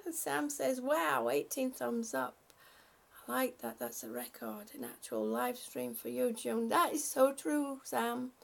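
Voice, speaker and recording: A woman's voice: sits high, vocal fry. A woman on a live stream reading out viewer comments and thanking them, emotional and laughing often, a little short of breath.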